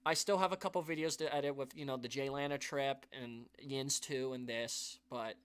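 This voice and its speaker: A man's voice: mid-range voice, fairly even intonation, moderate pace, fairly bright tone, smooth. A man hosting a live stream, talking to his viewers in an earnest, rambling way, full of restarts and sighs, and emotional. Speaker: YouTube channel host.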